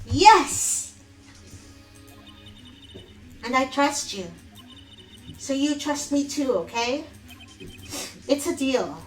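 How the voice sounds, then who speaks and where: A woman voicing a cheerful, trusting young woman sidekick in a live fan dub of a game, speaking brightly and eagerly. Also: high voice, expressive, extremely slow, pauses often, far from the mic, heavily acted. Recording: roomy, off-mic, faint music behind.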